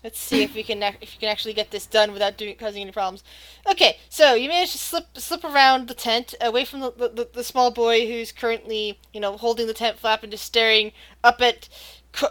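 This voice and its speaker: A woman narrating a tabletop game as game master, halting and restarting, laughing often. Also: fairly high pitch, fairly even intonation, fairly bright tone.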